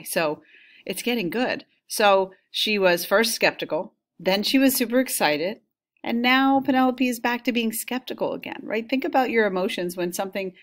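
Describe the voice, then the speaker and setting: A woman teacher explaining a text she has just read, in a casual way with frequent "right?". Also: mid-range voice.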